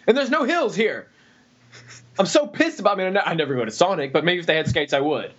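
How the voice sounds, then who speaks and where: A young man co-hosting a podcast, cracking quick jokes with swearing and laughter, on a dull lo-fi recording. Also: high-pitched, expressive, a bit bright, slightly rough. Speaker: podcast co-host. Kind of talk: casual chat.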